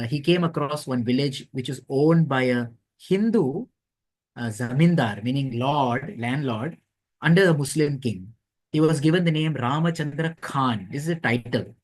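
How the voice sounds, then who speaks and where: A man's voice: medium pitch, low-quality recording. Man retelling scripture stories in class. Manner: storytelling, acting out quoted dialogue. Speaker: lecturer. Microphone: online class audio.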